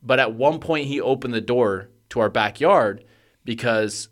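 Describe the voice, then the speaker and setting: Speaking in a mid-range voice at a slightly slow pace, this young man co-hosts a podcast. He recounts a story in a relaxed way, swears a lot, and gets loud and worked up reliving a panic.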